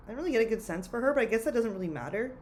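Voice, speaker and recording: A young woman co-hosting a book podcast talks fast and animatedly in a fairly high, darkish-toned voice, with a little hiss or hum on the recording. Her casual book-club chat is frank and chatty, heavy on fillers, especially "like."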